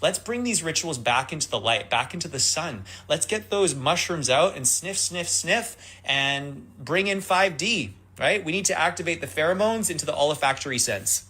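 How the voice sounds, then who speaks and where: Guy in a clip preaching super earnest, bright sharp voice. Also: on the high side, expressive, moderate pace, hardly any pauses, slightly rough. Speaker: fringe wellness speaker in clip. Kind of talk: earnest monologue.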